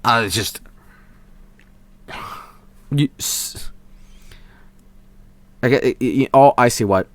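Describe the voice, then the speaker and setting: A young Swedish man with a Swedish accent, chatting casually on a live stream, excitable and profane, swinging from mumbles to shouts. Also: medium pitch, fairly quick, no room sound. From Sweden.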